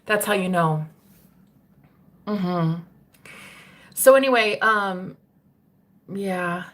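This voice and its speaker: Speaking extremely slowly at a medium pitch, a young adult woman streams spiritual content and talks casually to her audience. Chatty and quick to laugh, she swears freely.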